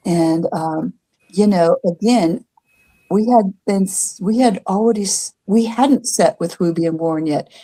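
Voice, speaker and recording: A woman's voice: on the low side, unhurried, warm tone. An older woman, a guest on a spiritual talk show, telling stories in a rambling way full of fillers and restarts. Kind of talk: casual storytelling chat.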